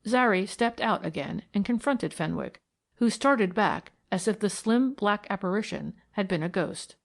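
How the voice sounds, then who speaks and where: A woman narrating a mystery audiobook in a measured, even storytelling manner. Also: medium pitch, vocal fry. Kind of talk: scripted narration.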